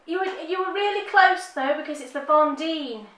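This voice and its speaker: A woman's voice: sits high, normal speed, fairly bright tone, echoey room, slight background noise. A woman hosting a podcast quiz, cheerful and teasing, laughing often. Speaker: podcast host running a quiz. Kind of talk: casual chat.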